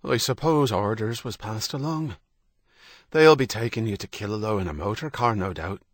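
A man voicing an aging village priest in an audiobook, speaking in a hushed, sighing way that flares into bitterness. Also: lowish voice, moderate pace, dry recording, clean studio sound, lightly acted. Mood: brooding. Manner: mournful, hushed and sighing, flaring into bitter outbursts. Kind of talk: audiobook character reading.

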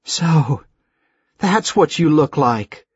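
A woman's voice: animated, very slow, a little mellow, breathy edge, no room sound, lo-fi sound, exaggerated voice. A man voicing a frightened young woman held captive, pleading in a shaky voice. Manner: shaky, pleading, higher-pitched.

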